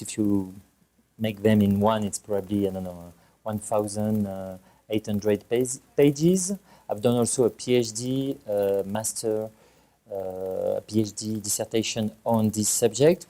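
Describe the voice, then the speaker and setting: French-accented man lecturing, mellow voice. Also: lowish voice. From south of France. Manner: halting, many fillers and restarts. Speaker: guest lecturer. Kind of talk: conference talk. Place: lecture hall.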